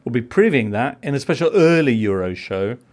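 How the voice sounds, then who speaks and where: A man's voice: medium pitch, big pitch swings, a little fast, darkish tone. A man hosting a football podcast, leading segments in a jokey, casual way. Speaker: podcast host. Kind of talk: casual chat.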